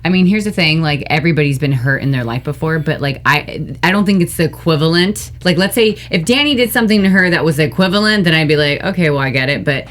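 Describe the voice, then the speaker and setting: A woman's voice: deep voice, animated, quick pace, hardly any pauses. A woman on a casual panel show, giving frank, sassy and emphatic opinions.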